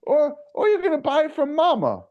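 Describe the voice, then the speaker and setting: A pushy motherly woman coaxes and wheedles like an ad pitchwoman, as a man puts her on. The voice sits high and swoops up. The sound is dull and lo-fi. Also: huge pitch swings, fairly quick, heavily acted. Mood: coaxing. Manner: coaxing sales patter.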